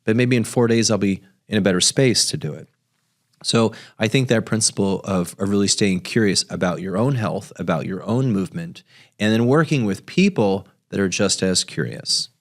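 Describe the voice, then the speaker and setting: Calm low-voiced man co-hosting a podcast. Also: moderate pace. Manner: reflective, with short encouraging backchannels. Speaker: physical therapist podcast co-host. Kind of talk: casual podcast chat.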